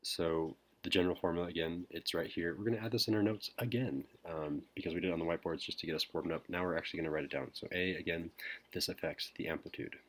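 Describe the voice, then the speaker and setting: A man teacher whispering a recorded math lesson, hesitant with frequent pauses. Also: low-pitched, fairly even intonation. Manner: whispering softly; hesitant, many ums.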